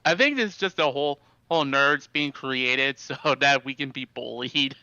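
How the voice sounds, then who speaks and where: A man's voice: mid-range voice, moderate pace, sharp tone, clear, resonant tone, no echo. A man co-hosting a livestream chat in an easygoing, joking way. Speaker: co-host. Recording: dull lo-fi mic.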